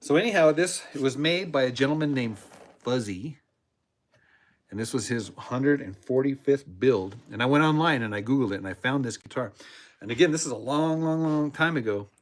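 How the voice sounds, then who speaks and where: A man's voice: medium pitch, animated, normal speed. Rambling man, casual storyteller. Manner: rambling storyteller, repeats words, acts out quotes. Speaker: podcast host, cigar box guitar builder. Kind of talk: casual chat with live chat viewers.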